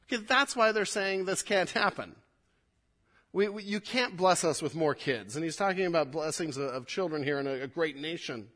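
A male pastor teaching a sermon through scripture, starting over on words and swinging from emphatic to soft. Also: on the high side, expressive, moderate pace. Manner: expository, with repeated restarts, rising emphatic then dropping quiet.

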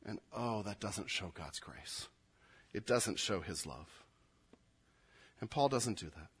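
A man preaching a sermon, moving from quiet, low asides to loud, emphatic readings of scripture. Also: animated, slow pace, husky. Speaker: pastor.

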